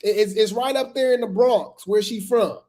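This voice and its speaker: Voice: medium pitch, normal speed, darkish tone. Casual gossip host, mid-range voice, talks straight to camera with lots of asides. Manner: chatty, repeats phrases, gossipy asides to viewers. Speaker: commentary host. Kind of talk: casual drama commentary.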